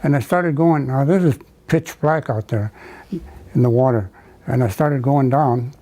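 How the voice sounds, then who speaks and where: Older man recalling war, halting. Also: medium pitch, mellow, poor audio. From United States. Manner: halting, many restarts and fillers. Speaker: veteran interviewee. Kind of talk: oral history recollection.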